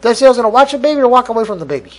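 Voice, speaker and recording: A man's voice: very high voice, lively intonation, very fast. A man hosting a podcast, ranting profanely and exasperated, acting out both sides of imagined conversations. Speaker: podcast host. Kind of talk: solo rant podcast.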